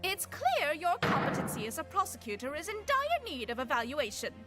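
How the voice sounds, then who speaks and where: Woman voicing a stern proper pony council lady, high voice that really swings around, crisp and formal. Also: huge pitch swings, brisk, over music. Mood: scolding. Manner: prim, authoritative, scolding. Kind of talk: fan game voice acting.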